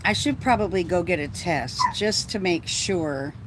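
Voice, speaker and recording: A livestreamer chatting casually with viewers from inside a bus, breathless and feeling ill, rambling slowly with sighs and casual swearing. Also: mid-range voice, lively intonation, very noisy. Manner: slow, meandering, sighing, swears casually. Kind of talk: casual rambling live chat. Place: inside a bus living space.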